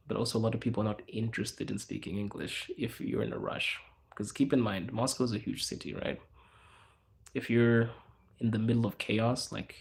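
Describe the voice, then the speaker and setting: A man from Zimbabwe hosting a casual livestream, chatting loosely with viewers and answering their questions in a relaxed, slangy, rambling way. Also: lowish voice, creaky. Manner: relaxed, slangy, rambling with fillers and self-corrections. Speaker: livestream host.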